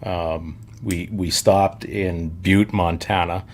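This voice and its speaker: A man's voice: low-pitched, steady tone, takes it slowly. A man co-hosting a casual podcast, reading sponsor spots and joking easily with his co-host. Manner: easygoing, joking, laughs often.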